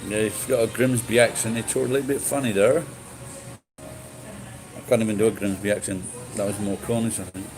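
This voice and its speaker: A man's voice: lowish voice, fairly even intonation, normal speed, music in the background, poor audio. Rambling sweary man. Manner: rambling, sweary, frequent restarts. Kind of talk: casual chat.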